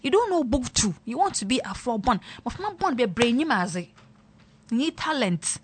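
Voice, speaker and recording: A woman's voice: on the high side, very animated, normal speed. A woman hosting a radio talk, playful and teasing, turning serious. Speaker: radio host. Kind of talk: casual talk, mixing English and local language.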